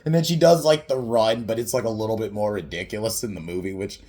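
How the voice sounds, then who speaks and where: A man's voice: on the low side, fast, a little mellow. Profane laughing young man recapping a movie. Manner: rambling, profane, laughs often, jumps into quoted voices. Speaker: podcast host reviewing a film. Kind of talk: casual film recap.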